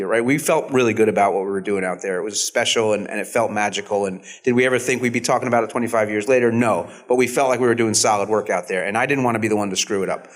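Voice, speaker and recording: A man in his fifties, an actor on a convention panel, telling stories in an animated, self-deprecating way. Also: mid-range voice. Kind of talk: storytelling panel talk.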